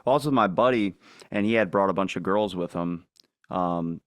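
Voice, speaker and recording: A man's voice: sits low, moderate pace, no room sound. A man chatting casually as a podcast guest, telling rambling stories with lots of fillers and swearing. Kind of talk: casual chat.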